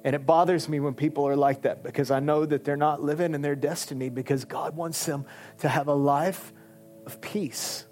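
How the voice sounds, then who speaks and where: Animated pastor preaching over soft music. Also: male voice, fairly high pitch, brisk. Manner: conversational and animated, rising to emphatic peaks. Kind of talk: sermon.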